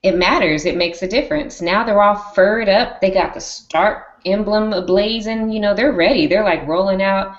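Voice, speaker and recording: A woman hosting a casual live-stream discussion on a video call, animated and acting out lines. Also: mid-range voice, normal speed, hardly any pauses, reverberant, highs cut off. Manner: animated, acts out characters' lines. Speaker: show host.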